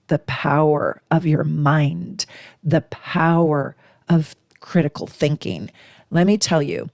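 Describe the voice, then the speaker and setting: A woman in her forties, an astrologer host, talking casually to camera with emphatic, animated delivery. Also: no room sound, studio quality. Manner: emphatic, animated, acts out little dialogues in a higher voice.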